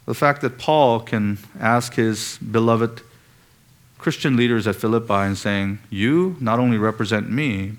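A man preaching an expository sermon, asking the congregation pointed rhetorical questions and pressing on key words. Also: fairly low pitch.

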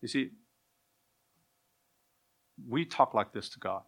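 Guy preaching a sermon, bright punchy voice, asks questions then answers them. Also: mid-range voice, lively intonation, slow, breathy edge. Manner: acts out dialogues between parent and child. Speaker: pastor.

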